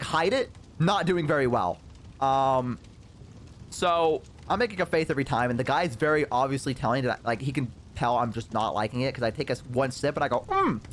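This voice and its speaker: Man, streamer, casual storytelling, rambling, filler-heavy, bouncy pitch. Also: slight background noise.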